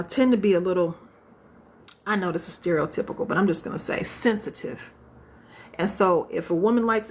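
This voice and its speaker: A woman coach speaking casually to her listeners about relationships, with features in her speech. She tells everyday stories, acts out little quotes, and keeps checking in with asides. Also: medium pitch. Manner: conversational, storytelling with acted-out quotes and rhetorical asides. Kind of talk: casual live-stream talk.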